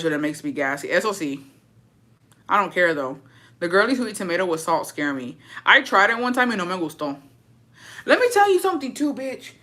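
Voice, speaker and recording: A woman's voice: medium pitch, sharp tone. A young woman livestreaming, chatting casually and answering viewer comments in a blunt, profane and dramatic way.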